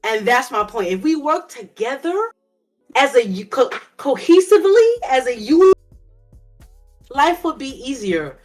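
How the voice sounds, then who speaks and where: A woman's voice: high voice, very animated, unhurried, pauses often, darkish tone, soft background music. A woman in casual chat, making an opinionated, emphatic point.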